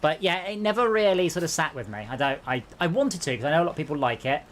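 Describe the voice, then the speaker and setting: A man's voice: fairly high pitch, expressive, fast talker, a little hiss or hum. A man streaming a co-op driving game, chatting casually and joking at his own expense. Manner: chatty, joking, self-deprecating. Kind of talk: casual gaming chat.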